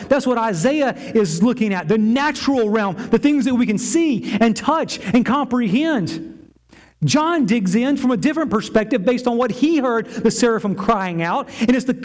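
A man with a high voice preaching a sermon in a church. He builds his phrases through emphatic repetition and speaks as the pastor addressing his congregation. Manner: emphatic preaching, repeating words for effect.

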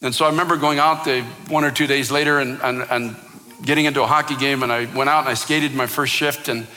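A man's voice: mid-range voice, fairly even intonation, quick pace, sharp tone, long reverb tail. A man preaching a sermon as pastor, telling a personal story with impassioned, rising intensity.

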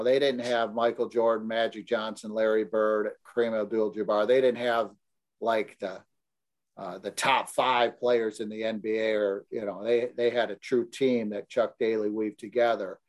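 A man hosting a podcast who talks like a seasoned coach. He lays out his points with earnest, confident emphasis, in a voice of ordinary middle pitch. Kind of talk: casual discussion on leadership.

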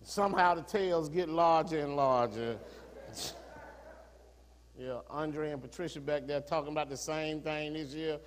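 A man's voice: a little high, a little slow, pauses often, big-room sound, slight background noise. A man preaching a sermon to his congregation as pastor, moving from easy conversational storytelling to rising, fervent preaching. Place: church sanctuary.

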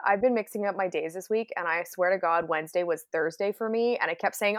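A woman co-hosting a wedding podcast, telling a story in casual chat, giggling and animated. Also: on the low side, quick pace, dry recording, studio quality. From Canada. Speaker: podcast co-host.

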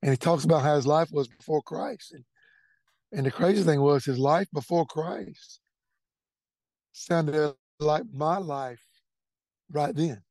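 A man's voice: fairly high pitch, measured pace, long pauses, darkish tone, dry recording. A middle-aged man, earnestly telling his faith testimony and repeating words as he goes. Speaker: testimony speaker. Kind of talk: personal testimony storytelling.

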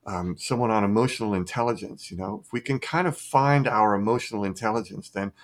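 A man's voice: fairly low pitch, a little fast. Expansive, enthusiastic middle-aged man. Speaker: podcast guest, artist. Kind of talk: reflective conversation.

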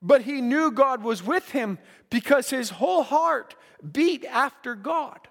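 A man's voice: very high voice, expressive, a little slow, gravelly, a bit bright, in a large hall. A man preaching a sermon to young people, earnest, often repeating words as he builds a point. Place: church.

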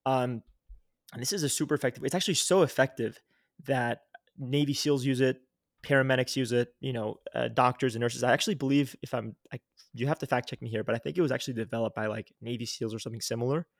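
A young man talks in a mid-range voice, earnest and coaching, his sentences full of "like" and quick restarts. He speaks into a close podcast mic in a dry, deadened room. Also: mid-range voice, vocal fry, no room sound. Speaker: podcast guest, health coach. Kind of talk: casual instructive interview talk.

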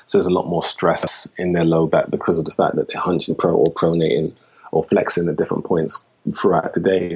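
A man's voice: deep voice, husky, highs cut off. A man who works as a holistic health practitioner, explaining his views as a guest in a podcast interview and often saying "you know".

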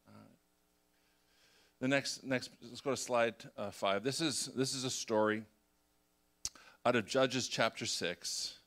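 A middle-aged man preaching a sermon, animated and acting out the voices of the people in his story. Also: mid-range voice, takes it slowly, long pauses. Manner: animated, acts out voices of God and Gideon. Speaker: pastor.

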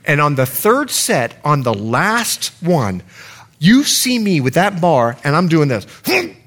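A man's voice: fairly high pitch, slow. A middle-aged man preaching a sermon as pastor in a church, telling stories and acting out the people in them. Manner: animated storytelling with acted-out quotes.

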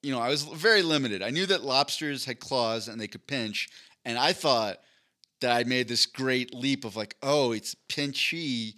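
A man co-hosting a podcast, telling a childhood story in a lively, animated way. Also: moderate pace. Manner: animated, acts out his childhood self in a high voice. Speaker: podcast co-host. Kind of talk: casual storytelling chat.

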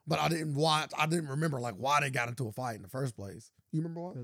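A man co-hosting a podcast, chatting casually and acting out stories with lively quoted voices. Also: quick pace, no room sound, clean studio sound. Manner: animated storytelling, acting out quotes in high voices. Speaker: podcast co-host. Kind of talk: casual chat.

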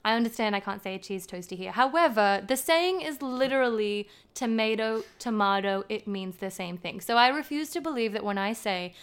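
A young woman from Australia with a soft Australian accent, chatting casually with a friend and laughing often. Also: mid-range voice, animated, a little fast, hardly any pauses, clean tone. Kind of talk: casual chat.

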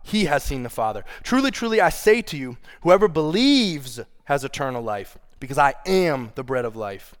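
A young adult man preaching a sermon, reading scripture with feeling and playful, animated asides. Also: fairly high pitch, normal speed, few pauses. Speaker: pastor.

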